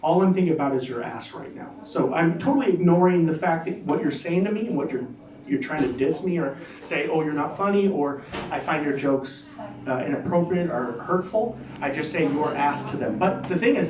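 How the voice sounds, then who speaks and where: A man performs a stand-up set in a club, his voice sitting a little higher than most. He rambles and restarts, and he is picked up from a distance in a reverberant room with an audience audible behind him. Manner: rambling, loose delivery with many restarts and asides. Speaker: stand-up comedian. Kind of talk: stand-up set at an open-mic comedy night. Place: comedy club stage. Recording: echoey room heard from a distance, with a crowd.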